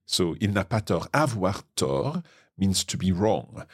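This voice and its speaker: A man's voice: low voice, big pitch swings, unhurried, breathy edge, no echo, clean studio sound. A man with a Scottish accent, hosting a language lesson and patiently explaining a text line by line. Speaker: French teacher and podcast host.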